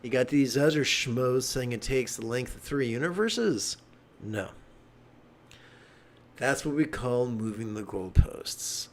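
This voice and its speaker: A man teaching meditation in an animated dharma talk, with joking asides. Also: mid-range voice, slow.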